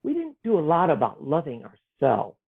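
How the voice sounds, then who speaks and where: A man, an author, talking earnestly and gently about faith and self-worth, sometimes acting out the voices in his head. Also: on the high side, huge pitch swings, normal speed, creaky, husky. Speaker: author guest. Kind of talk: reflective spiritual conversation. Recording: tinny phone-like line.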